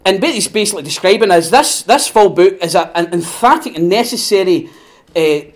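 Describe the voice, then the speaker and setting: A Scottish man with a notably high-pitched voice preaching in a relaxed, chatty way on a podcast. He is animated and quick to laugh, and slips into little acted-out voices as he makes his points. He sounds like he is talking with friends rather than lecturing. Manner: animated, laughs often, acts out quoted voices. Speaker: podcast host. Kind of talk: conversational preaching.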